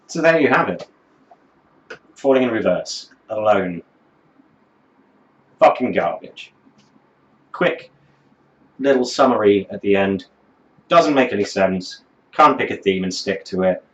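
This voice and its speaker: A man's voice: on the low side, animated, unhurried, long pauses, fairly bright tone. A man reviewing a song in a scornful, sardonic rant, swearing freely as he picks it apart. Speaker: music reviewer. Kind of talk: profane reaction commentary. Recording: roomy, dull lo-fi sound.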